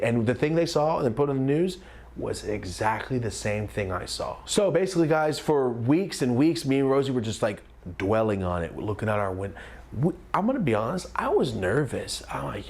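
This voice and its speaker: A young man in his twenties, a comedian, telling a story with lots of energy, sometimes shouting out lines. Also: medium pitch. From California. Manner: animated, screams and shouts quoted lines.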